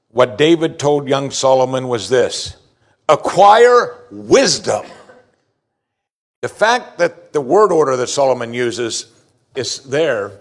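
A man preaching a sermon from the pulpit. He swings between loud, stressed declarations and quiet, confiding asides. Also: medium pitch. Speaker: pastor.

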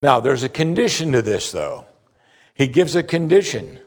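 A man preaching a sermon, emphatic and animated, asking rhetorical questions. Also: mid-range voice, moderate pace. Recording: long hall reverb.

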